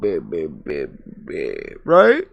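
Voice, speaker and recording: A man's voice: extremely low pitch, huge pitch swings, very slow, gravelly, a little hiss or hum. A man streaming a VR game, chatting casually, rambling and goofy with sing-song repetitions on a headset mic.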